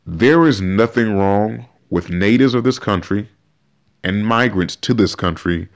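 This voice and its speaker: A man hosting a podcast, giving animated, emphatic opinion commentary and often restarting his sentences. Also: sits low. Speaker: podcast host.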